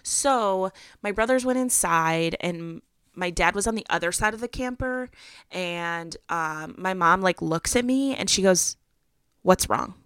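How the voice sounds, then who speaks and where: A woman's voice: fairly low pitch, a little slow, a bit bright, clean tone, no echo, studio quality. A young adult woman hosting a podcast, telling a personal story in a chatty way with lots of fillers. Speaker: podcast host.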